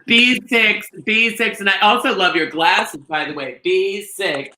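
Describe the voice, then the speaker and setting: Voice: mid-range voice, unhurried, sharp tone. A bingo host on a live stream from a trailer, chatty and gushing, rambling with lots of fillers. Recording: echoey room, faint noise.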